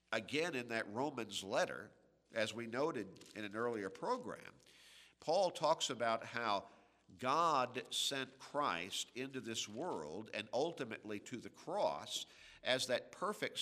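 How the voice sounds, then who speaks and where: A man preaching a radio sermon, slow and emphatic, with dramatic pauses between phrases. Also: mid-range voice, pushed and bright, long reverb tail.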